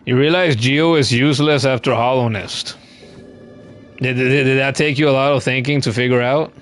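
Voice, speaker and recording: A man's voice: mid-range voice, steady tone, moderate pace, fairly bright tone, faint music behind. Wry man streaming a game. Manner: playful, wry, talks to chat; repeats words when starting a thought. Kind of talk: casual live-stream gaming commentary.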